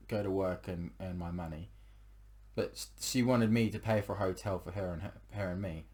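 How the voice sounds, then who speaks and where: Young man, lowish voice, casual confessional storytelling, rambling, lots of fillers. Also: darkish tone. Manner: rambling, with many fillers and restarts. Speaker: storyteller sharing a personal breakup story.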